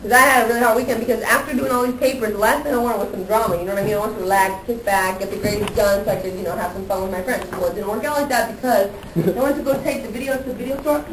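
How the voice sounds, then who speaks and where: A young woman teacher with a mid-range voice races through a long, worked-up story about her weekend for her class, acting out her own reactions. The recording is noisy and echoey, captured from far off in the classroom.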